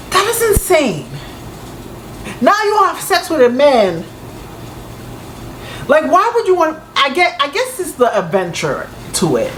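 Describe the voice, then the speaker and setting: An outspoken woman talks back at a video in casual, slangy commentary. Her pitch swings widely, and a faint hiss sits behind her voice. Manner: outspoken, slangy, scolding and joking by turns. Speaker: reaction video host.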